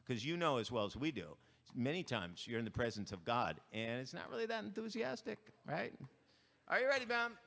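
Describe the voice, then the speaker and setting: A man fronting a band, bantering with a church concert audience in a playful deadpan way. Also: mid-range voice, fairly quick, vocal fry. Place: church sanctuary. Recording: live in a church hall, reverberant, with instruments.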